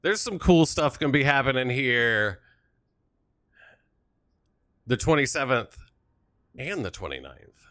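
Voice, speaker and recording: A man's voice: mid-range voice, sing-song, unhurried, pauses often, sharp tone, no room sound, clean studio sound. A young man chatting casually on a live stream, joking, laughing and thanking viewers while setting up a flight.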